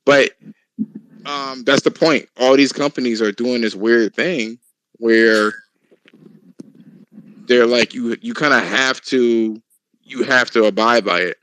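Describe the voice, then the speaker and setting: A man hosting a casual podcast chat, telling stories in a loud, profane, laughing way. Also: medium pitch, takes it slowly, long pauses, no room sound, poor audio. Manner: animated, profane, laughing storyteller. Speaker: podcast host.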